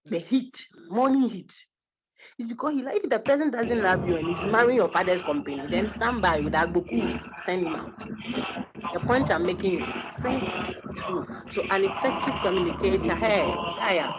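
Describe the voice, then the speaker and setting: A woman giving a university lecture, animated and teasing, acting out little quotes as she goes. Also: fairly low pitch. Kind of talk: lively classroom lecture. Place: lecture hall. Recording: husky, dull lo-fi lecture recording.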